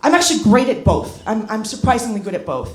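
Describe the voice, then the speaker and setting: A young woman in her twenties doing a stand-up set, rambling and self-deprecating, swearing freely and jumping into loud acted asides. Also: on the high side, sing-song, quick pace, a little hiss or hum. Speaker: stand-up comedian. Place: comedy club stage with a laughing audience. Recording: roomy club sound with crowd laughter.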